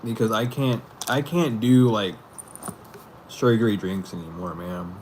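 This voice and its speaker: A man's voice: on the low side, a little slow, a little mellow. A man hosting a casual live stream from home, rambling loosely with profanity and frequent laughs. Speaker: tarot reader streaming live. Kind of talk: casual livestream chat. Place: indoors at home. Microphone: computer or camera mic for a live stream. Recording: noisy home livestream audio.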